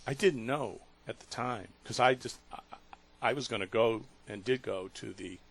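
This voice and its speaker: A man hosting a talk radio show, telling a story in an earnest, emotional way with halting restarts. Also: mid-range voice, gravelly, a bit bright.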